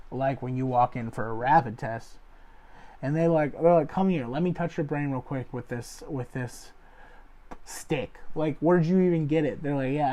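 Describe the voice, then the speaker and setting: Man, young adult, comedian host, mellow dark voice, rambling deadpan monologue. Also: medium pitch. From Ohio area. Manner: loose, filler-heavy, deadpan jokes with acted quotes. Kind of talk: rambling stand-up style monologue.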